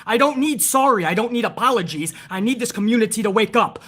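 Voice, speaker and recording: A man's voice: very high-pitched, animated, fast talker, hardly any pauses, pushed and bright. A man hosting a wrestling review livestream, ranting with lots of profanity and reading out chat messages. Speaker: host of a wrestling review stream. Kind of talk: casual livestream commentary.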